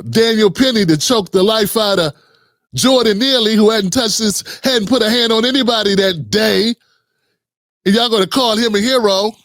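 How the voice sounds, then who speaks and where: A man's voice: sits high, fairly bright tone, no echo, studio quality. A man hosting a commentary channel, talking casually and earnestly with many restarts and rhetorical questions.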